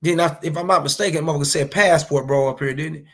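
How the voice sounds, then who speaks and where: A man with a slightly high, gravelly and husky voice, talking bluntly and profanely in a casual reaction commentary. He lectures his listeners with preachy, street-style advice. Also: quick pace, fairly bright tone. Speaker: commentary vlogger.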